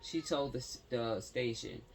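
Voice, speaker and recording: A man's voice: mid-range voice, a little slow, slight background noise. A man reading a news story aloud, stumbling over words and breaking off for slangy asides to his viewers. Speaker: commentary channel host.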